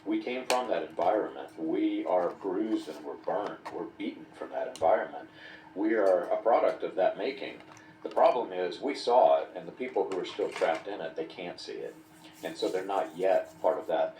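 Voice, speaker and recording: A man with a very low voice hosts a podcast and speaks with candid reflection. His voice comes from some distance away. It sits in an echoey room with faint noise behind it. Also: expressive, normal speed, darkish tone. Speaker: podcast host. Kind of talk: casual conversation.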